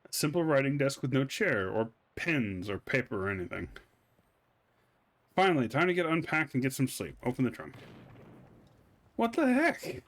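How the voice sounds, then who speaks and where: Man, gameplay commentary, reads on-screen text aloud, lively swooping pitch. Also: moderate pace. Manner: reads game text aloud, amused and animated. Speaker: gamer playing a game on stream. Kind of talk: let's play commentary.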